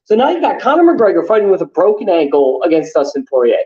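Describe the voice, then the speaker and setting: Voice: mid-range voice, sing-song, quick pace, mellow, lo-fi sound. A podcast co-host in casual sports chat, ranting heatedly with lots of swearing and fillers.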